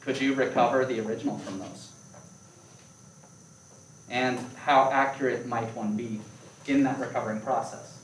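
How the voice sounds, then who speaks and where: A male math lecturer teaches a calculus class in a lecture room, explaining ideas playfully and checking in with questions. His voice is medium-pitched and steady at a normal speed, and he pauses often. The echoey room and distant mic come with slight background noise.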